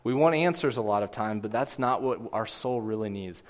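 A man in his twenties or thirties preaching a sermon as a pastor, earnest and gentle, with emphatic rises. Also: on the low side, brisk. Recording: long hall reverb.

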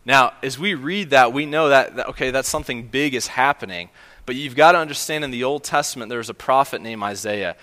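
Male pastor mid-sermon; bright, forceful tone, earnest and emphatic delivery. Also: medium pitch, a little fast, big-room sound. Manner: earnest, emphatic, with fillers and restarts.

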